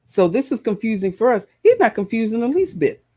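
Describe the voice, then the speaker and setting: A preacher who also hosts a show delivers a passionate sermon in a high, very animated, warm voice at a brisk pace. He repeats phrases for emphasis and speaks directly to his listeners.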